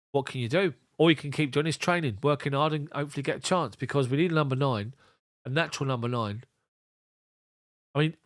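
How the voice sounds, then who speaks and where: A man's voice: mid-range voice, dry recording, studio quality. Chatty man commentating live. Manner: chatty, rambling, addresses viewers by name. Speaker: fan commentator reading live chat. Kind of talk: casual live match commentary.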